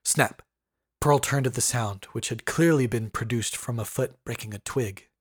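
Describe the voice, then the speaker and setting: A man's voice: mid-range voice, normal speed, husky, dry recording, studio quality. A man narrating a scripted horror story with tense, building intensity.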